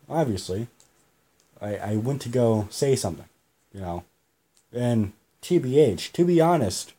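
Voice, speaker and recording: A man's voice: medium pitch, warm tone, slightly rough. A man hosting a podcast, telling a story in a rambling, repetitive way and swearing freely. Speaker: podcast host. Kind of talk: casual storytelling monologue.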